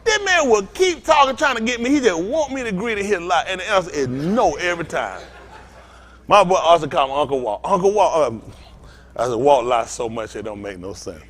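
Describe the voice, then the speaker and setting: Animated preacher man, high lively voice. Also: brisk, slight background noise. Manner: animated, acts out both sides of a story, laughs often. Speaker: pastor. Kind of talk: informal sermon with storytelling.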